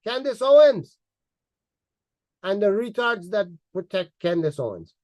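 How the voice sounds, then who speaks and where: Man, high-pitched, angry ranting commentary, mocking and insulting, dry close sound. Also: sing-song, unhurried, no room sound, lo-fi sound. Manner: repeats words for emphasis. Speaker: online commentator. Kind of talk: heated monologue.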